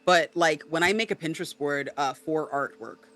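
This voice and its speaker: A man co-hosting a podcast in casual chat, animated and explanatory, often tagging on "right?". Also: on the high side, moderate pace. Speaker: podcast co-host. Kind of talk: casual chat about tabletop role-play.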